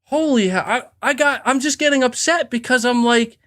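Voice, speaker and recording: A podcast host with an extremely high, slightly bright voice, speaking at normal speed, launches into a heated, profane and emphatic rant. He stumbles and restarts as he goes.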